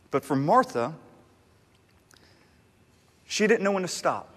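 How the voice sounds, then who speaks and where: A male pastor with a somewhat raised pitch delivers a sermon in a loose, conversational way, often stumbling and restarting his sentences. His voice carries a long reverb, as if he were speaking in a large hall. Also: slow, long pauses. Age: adult, married. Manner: conversational, animated, with frequent restarts.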